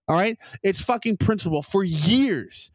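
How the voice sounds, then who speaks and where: A young man on a podcast, his voice pitched a bit high, delivering a heated, profane comedic rant. He tells his story animatedly into a dry, close mic. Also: lively intonation, unhurried, dry recording. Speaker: podcast co-host.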